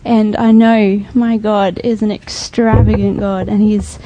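A woman telling a personal story to a small group in a soft, reflective way, pausing often with fillers. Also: medium pitch, flat delivery, low-quality recording. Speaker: group member sharing a testimony.

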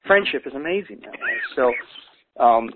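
A man's voice: mid-range voice, expressive, unhurried, heavy background noise. A man talking earnestly and unscripted, restarting with stammered repeats and quoting people as he goes. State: choked up. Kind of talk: heartfelt unscripted conversation. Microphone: phone. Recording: tinny phone line.

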